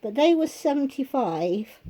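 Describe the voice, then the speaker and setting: A woman with a heavy cold, her voice going hoarse, chatting casually through a grocery haul at home. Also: sits high, big pitch swings, mellow. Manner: chatty, listing prices, pausing to think. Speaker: vlogger. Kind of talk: casual shopping haul chat.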